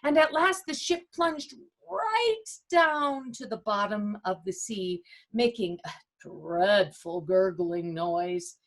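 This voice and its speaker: A woman reading a children's story aloud as a storyteller, in an expressive, dramatic way. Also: mid-range voice, takes it slowly.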